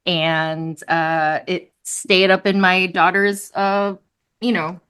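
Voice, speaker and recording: A woman puppeteer, a guest on a video-call interview, telling lively stories with lots of laughter and fillers. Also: fairly low pitch, slow pace, smooth. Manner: animated, laughing, many fillers. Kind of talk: casual interview storytelling.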